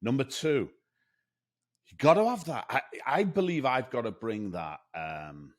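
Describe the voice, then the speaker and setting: A man co-hosting a sales podcast in casual chat, rambling and animated, with many restarts. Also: mid-range voice, unhurried. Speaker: podcast co-host.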